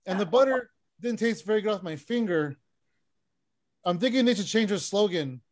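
A man performing a stand-up set over a video call, deadpan one-liners with frequent "uh" fillers. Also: high-pitched, normal speed. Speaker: stand-up comic.

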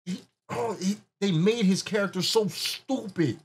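A man co-hosting a casual movie reaction, talking loud, laughing a lot and swearing as he acts out scenes. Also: high-pitched, normal speed, husky.

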